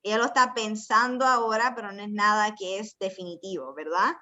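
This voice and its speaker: A woman runs a bilingual ESL class, toggling between Spanish and English while she explains patiently in steps and puts questions to her students. She talks quickly, her medium-pitched voice steady and sharp.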